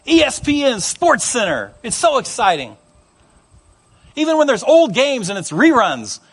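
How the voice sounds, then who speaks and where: A man preaching a sermon, telling stories in a conversational, animated way. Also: sits high. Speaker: pastor.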